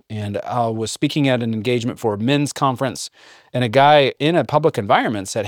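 A middle-aged man with a mid-pitched voice teaches in a relaxed, conversational way, weaving in scripture and light self-mocking humor. The sound is dry and close, with no room around it. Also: a little fast, dry recording. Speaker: podcast host and biblical counselor. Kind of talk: casual teaching podcast talk.

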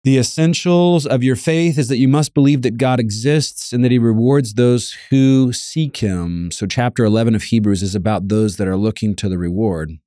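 A man's voice: mid-range voice, moderate pace, hardly any pauses, mellow, no echo, clean studio sound. A man preaching a sermon, earnest and emphatic, repeating key lines and reading scripture aloud.

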